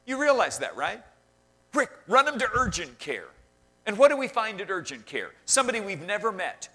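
A man preaching a sermon, swinging between loud emphasis and quiet asides and questioning the congregation directly. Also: sits high, wildly swooping pitch, normal speed, husky. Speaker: pastor.

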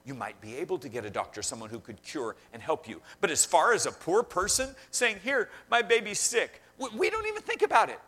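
A man preaching a sermon, swinging between loud emphasis and quiet asides and questioning the congregation directly. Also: on the high side, big pitch swings, fast talker, few pauses, slightly rough. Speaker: pastor.

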